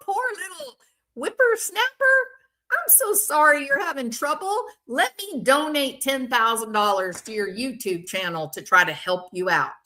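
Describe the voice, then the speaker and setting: Woman doing a sugary old granny w a cane, quavery and super high, slow. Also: expressive, pushed and bright, exaggerated voice. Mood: sweet.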